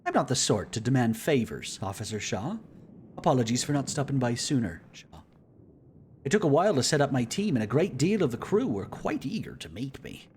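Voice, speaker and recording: A man's voice: mid-range voice, big pitch swings, brisk, a little mellow, a little hiss or hum, voice pushed up, lightly acted. A man voicing a boastful, jovial celebrity explorer who speaks in a grand, self-satisfied way. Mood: pompous.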